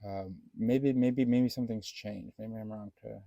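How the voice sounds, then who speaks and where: A man's voice: fairly low pitch, steady tone, measured pace, gravelly, warm tone, no echo, muffled recording. A man vlogging in a casual, meandering monologue, thinking aloud with many fillers and restarts and swearing now and then.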